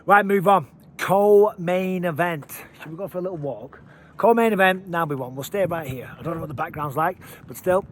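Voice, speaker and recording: A man giving casual, energetic fight commentary while walking outdoors, out of breath. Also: sits high, moderate pace, slight background noise. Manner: energetic, chatty, emphatic. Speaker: MMA commentator. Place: outdoors by water at high elevation.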